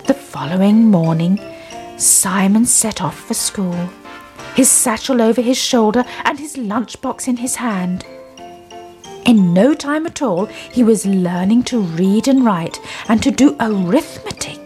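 A woman reading a children's story aloud in an expressive, sing-song way. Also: mid-range voice, a little slow, soft background music.

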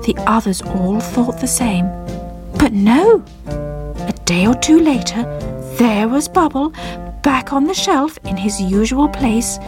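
A woman gently and expressively narrating a children's story. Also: fairly high pitch, takes it slowly. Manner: gentle, expressive read-aloud. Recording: children's music playing behind.

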